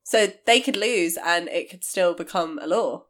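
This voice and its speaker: A woman co-hosting a casual podcast in a lowish voice. She reacts with short, playful quips and dry humor. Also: normal speed. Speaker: podcast co-host.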